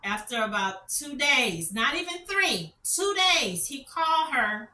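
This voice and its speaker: A woman's voice: on the high side, big pitch swings, measured pace, bright, forceful tone, roomy sound, recorded from a distance. A middle-aged woman telling stories as a commentary vlogger, passionate and repetitive, full of rhetorical questions. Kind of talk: emotional storytelling commentary.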